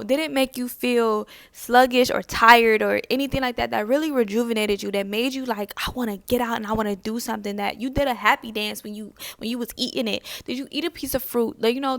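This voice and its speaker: Young woman vlogger, higher pitch with gravelly fry, dry close sound, casual reflective talk. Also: a bit bright, dry recording. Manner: conversational, repeats phrases, asks many questions. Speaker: spiritual vlogger.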